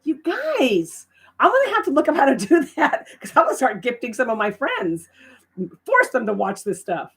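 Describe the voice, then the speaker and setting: A middle-aged woman hosting a casual live stream, chatting with viewers, often breaking into excited, surprised exclamations between trailing fillers. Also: sits high, normal speed, breathy edge.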